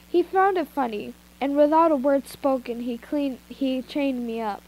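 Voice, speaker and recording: A woman's voice: high voice, moderate pace, hardly any pauses, darkish tone, rough recording. A woman reading fanfiction aloud in an informal way, breaking off for asides and retakes, recorded on a phone. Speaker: fanfiction reader. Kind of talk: amateur story reading.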